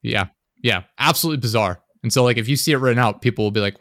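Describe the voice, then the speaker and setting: A young man co-hosting a podcast, rambling casually and dropping deadpan jokes. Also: mid-range voice, racing, no echo, clean studio sound. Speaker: podcast co-host. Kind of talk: casual chat.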